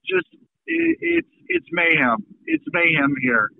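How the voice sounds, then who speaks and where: A man from Minnesota hosting a casual radio chat, telling stories with drawn-out emphasis. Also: very high-pitched, huge pitch swings, gravelly, dry recording. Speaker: radio host. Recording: phone-line sound.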